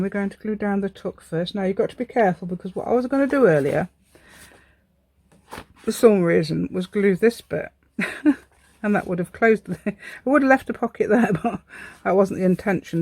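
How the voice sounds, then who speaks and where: A woman with a mid-range, darkish voice hosts a casual crafting tutorial. She rambles and chats as she works, with lots of laughter and self-deprecating remarks.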